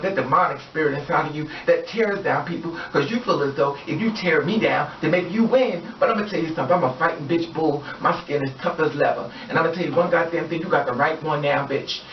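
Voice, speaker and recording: A woman's voice: sits low, slight background noise. Heated, profane woman vlogger, echoey room. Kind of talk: personal vlog rant. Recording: echoey, distant, dull-sounding room recording.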